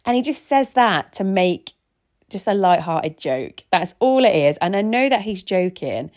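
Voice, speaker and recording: A woman in her thirties hosts a casual solo podcast, telling stories in a chatty, rambling way and often restarting her sentences. Her mid-range voice is expressive and a little mellow, with a measured pace.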